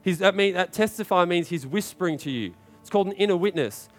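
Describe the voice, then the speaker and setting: A man preaching a sermon to a congregation, urging and repeating himself, building to shouted peaks. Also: sits high, expressive, quick pace. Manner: urgent, repetitive exhortation with rising shouted climaxes.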